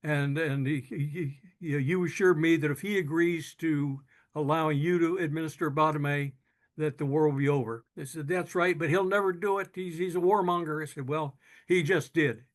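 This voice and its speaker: A man's voice: fairly high pitch, steady tone. Earnest older man telling a story. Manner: earnest, halting with restarts, moved. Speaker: speaker telling his own story. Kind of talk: personal storytelling talk.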